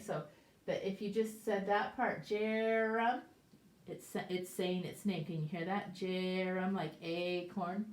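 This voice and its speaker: An older woman teaching preschoolers the letter A, patiently sounding out words and asking gentle questions. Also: medium pitch. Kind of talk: slow, clear phonics lesson for small children. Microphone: camera set up at a distance. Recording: roomy echo, voice from far off.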